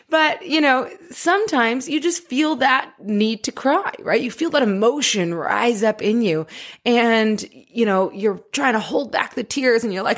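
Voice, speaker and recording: A woman life coach giving a motivational talk in an animated way, laughing often. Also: on the high side, measured pace.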